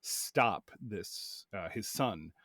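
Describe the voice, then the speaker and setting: Low-voiced man telling game stories. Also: drawn-out words, dry recording, clean studio sound. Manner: relaxed, rambling storytelling. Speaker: game master. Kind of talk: casual podcast chat.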